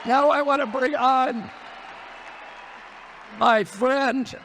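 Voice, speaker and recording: A man's voice: extremely high pitch, steady tone, drawn-out words, a bit bright, some chatter behind, slight background noise. A man giving a rally speech built on repeated rhetorical questions. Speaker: speaker at a political rally.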